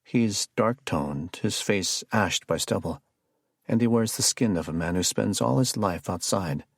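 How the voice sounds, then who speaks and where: A man narrating a first-person suspense audiobook in a measured storytelling delivery. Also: on the low side, animated, creaky, breathy edge, no room sound, studio quality.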